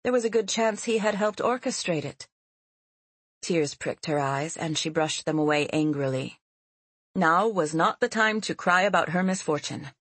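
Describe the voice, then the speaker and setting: A woman reading a fantasy novel aloud as an audiobook narrator, in a measured and expressive storytelling manner. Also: lowish voice, slightly rough, no room sound.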